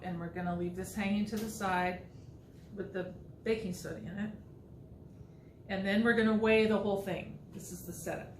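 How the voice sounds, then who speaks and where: A woman's voice: mid-range voice, far from the mic, slight background noise. A woman science teacher talking students through a lab procedure step by step in a casual, instructive way. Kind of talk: recorded remote lesson walkthrough. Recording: echoey room, voice off-mic.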